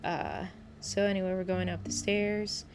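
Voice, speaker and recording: A woman's voice: mid-range voice, flat delivery, measured pace, background noise. A woman casually narrating her own gameplay at home, rambling and chatty, often correcting herself.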